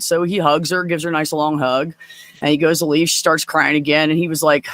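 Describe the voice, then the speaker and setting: Bright-voiced man telling a joke deadpan. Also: on the high side, brisk, no room sound. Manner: deadpan joke-teller who voices the people in his jokes. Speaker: co-host of a group live chat. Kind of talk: casual chat, telling a joke.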